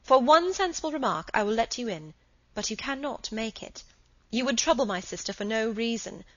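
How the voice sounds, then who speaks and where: A woman voicing a composed, firm Edwardian woman who speaks crisply and resolutely in a storybook reading. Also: fairly high pitch, lively intonation, moderate pace, fairly bright tone, pitched above the performer's own voice. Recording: slightly dull recording.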